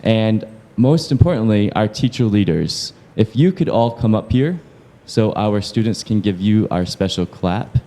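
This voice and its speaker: Man, lowish voice, event organizer reading a thank-you list. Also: animated, measured pace, few pauses, a little hiss or hum. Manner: warm, listing names, inviting people up. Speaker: program organizer. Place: large event hall at a university.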